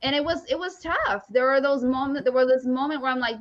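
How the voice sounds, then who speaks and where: A woman co-host with a fairly high voice tells a personal story, repeating herself for emphasis. The sound is a bit dull and lo-fi. She talks in a casual, animated way. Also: a little fast. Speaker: podcast co-host. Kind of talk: casual chat. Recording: dull lo-fi audio.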